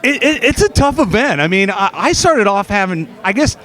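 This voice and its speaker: A man's voice: high-pitched, big pitch swings, normal speed, pushed and bright. A middle-aged man in a casual interview, telling stories with many fillers and restarts, recorded outdoors at an expo. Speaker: guest, former steeplechaser.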